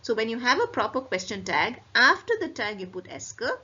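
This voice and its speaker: A woman French teacher with an Indian English accent, giving a classroom grammar lecture and explaining step by step while repeating example phrases slowly. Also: on the high side, sing-song, bright, forceful tone, husky, lo-fi sound.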